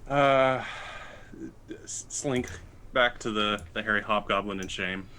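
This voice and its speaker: Guy playing a tabletop game, bright tense voice. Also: lowish voice, slow pace, slight background noise. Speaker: player.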